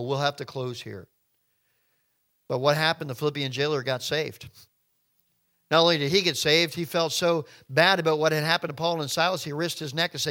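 A male preacher delivering an impassioned sermon, swinging between hushed and loud, calling his listeners folks and friends. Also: on the high side, normal speed.

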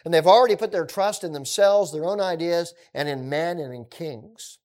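A man teaching through a scripture passage in a conversational way, with relaxed asides. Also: a little high, normal speed.

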